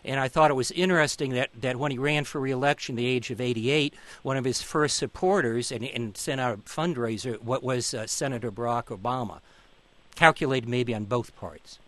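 A man's voice: mid-range voice, brisk, fairly bright tone. A man speaking as a professor guest on a radio call-in discussion, earnest and anecdotal, often repeating his words.

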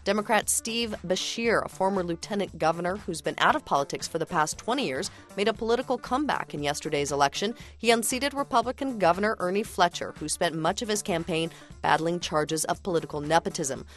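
A woman reading the headlines on a radio news show, with a steady and formal delivery. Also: fairly low pitch, a little fast, hardly any pauses, soft background music. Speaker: newsreader.

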